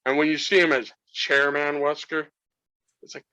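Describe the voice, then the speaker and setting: A man's voice: a little high, moderate pace, smooth, no room sound, poor audio. A man co-hosting a casual film discussion, with talk that rambles and doubles back on itself. He sounds eager and fannish. The recording is dry, with little room sound. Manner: rambling, restarts often, excited game fan. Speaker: co-host. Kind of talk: casual chat.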